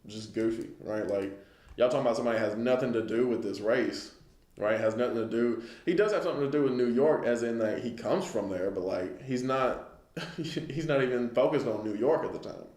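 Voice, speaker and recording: A man's voice: mid-range voice, a little fast, darkish tone, echoey room. A man giving a casual lesson on the news, talking it through conversationally and often checking in with listeners. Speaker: Bible class teacher.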